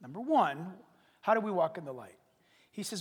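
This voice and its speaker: A pastor preaching a sermon, animated and dramatic, dropping to whispers and acting out little scenes. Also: male voice, a little high, a little fast, long pauses, slightly rough, big-room sound. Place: church service.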